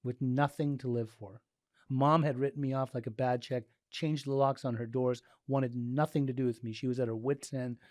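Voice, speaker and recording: A middle-aged man from Southern California, a guest in a casual interview, telling his story with animated delivery and acting out the dialogue. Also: mid-range voice, moderate pace, dry recording, studio quality. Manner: animated, acts out dialogue, frequent "like" and restarts.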